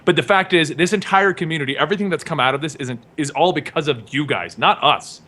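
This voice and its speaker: A man's voice: on the high side, fast talker, pushed and bright. A man co-hosting a podcast, talking in a casual, upbeat and joking way. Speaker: podcast co-host. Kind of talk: casual group chat.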